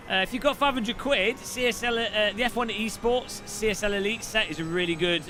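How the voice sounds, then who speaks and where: A man's voice: high voice, pushed and bright, slight background noise. A man hosting a casual live stream, chatty and jokey, rambling with restarts. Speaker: streamer host.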